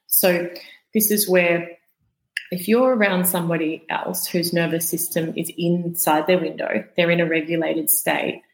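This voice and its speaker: Low-voiced woman explaining patiently. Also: fairly even intonation, unhurried, roomy sound, poor audio. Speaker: podcast guest, vagus nerve educator. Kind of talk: explaining in a podcast conversation.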